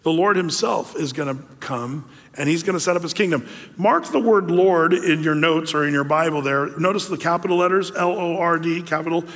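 A man's voice: a little high, brisk, a bit bright, in a large hall. A man preaching a sermon as a pastor, talking in a loose, conversational way with frequent fillers and asides.

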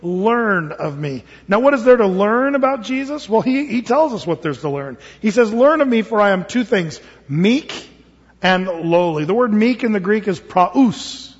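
Pastor, man, high husky voice, storyteller who acts out the voices, long hall echo on a dull recording. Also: normal speed. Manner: animated storytelling, acts out voices, stammers and repeats words. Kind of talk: sermon.

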